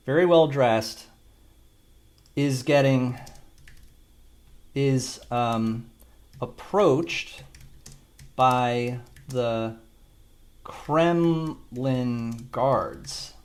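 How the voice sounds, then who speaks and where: A man talking through a screen-recorded tutorial, rambling and thinking aloud with casual swearing. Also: mid-range voice. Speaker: video creator demonstrating an AI video tool.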